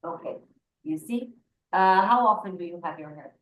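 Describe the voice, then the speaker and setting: A woman's voice: on the low side, expressive, moderate pace, roomy sound, highs cut off. A woman English teacher leading an online class, patiently explaining grammar and switching between English and Portuguese.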